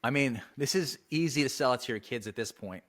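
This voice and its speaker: A man's voice: mid-range voice, expressive, a little fast, a bit bright. A man hosting a casual interview, joking and asking his guest leading questions. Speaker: host.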